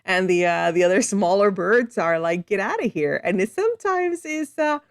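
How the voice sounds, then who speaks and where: A woman's voice: lowish voice, dry recording, studio quality. A woman from Florida chatting casually with wry asides. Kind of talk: casual chat.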